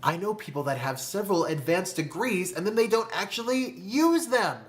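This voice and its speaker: Deliberate motivational money-talk host. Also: mid-range voice, lively intonation. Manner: addresses listener as "my friend", asks rhetorical questions; slow, deliberate emphasis on key phrases. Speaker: personal finance video host.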